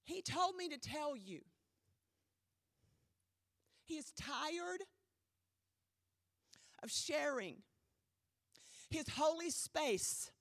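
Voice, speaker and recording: A woman pastor preaching a sermon in a church, emphatic with dramatic pauses, her voice a little strained. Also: high-pitched, big pitch swings, no echo, clean studio sound. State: voice trouble, slightly strained.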